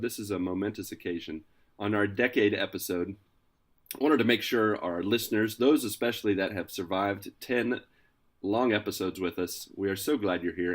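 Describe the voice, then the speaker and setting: A man hosting a casual podcast, introducing his co-hosts with energetic, playful hype. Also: on the low side. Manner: energetic, hyped, playful announcer delivery. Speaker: podcast host.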